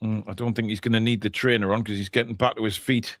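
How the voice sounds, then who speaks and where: This watchalong co-host has a lowish voice with little pitch movement, and he talks at a quick pace. He gives chatty, joke-filled play-by-play during a live football match, captured in clean studio sound with no room sound.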